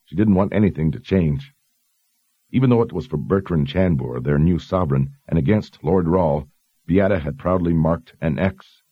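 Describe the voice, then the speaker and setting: A male audiobook narrator reads a fantasy story in a measured, even manner, his voice very deep and husky. The recording is close and dry with no echo and a slightly dull sound.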